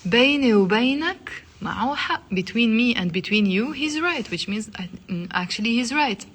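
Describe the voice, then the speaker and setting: Higher-voiced woman teaching a live lesson. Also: lively intonation, a bit bright, husky. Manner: repeats phrases slowly, coaxes viewers to say them aloud. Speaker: Arabic teacher. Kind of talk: live online language lesson.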